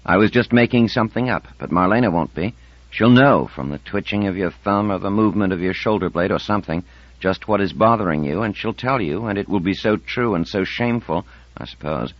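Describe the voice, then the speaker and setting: Man playing a slow, wry middle-aged man. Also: low voice, dry recording. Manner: slow, dry, musing. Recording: dull dry audiobook recording.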